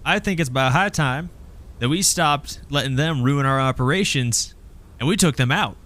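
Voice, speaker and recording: A man's voice: mid-range voice, normal speed, fairly bright tone, pitched above the performer's own voice, natural voice. A man voicing a brash female gang leader, lifting his voice as she rallies her crew. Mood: commanding.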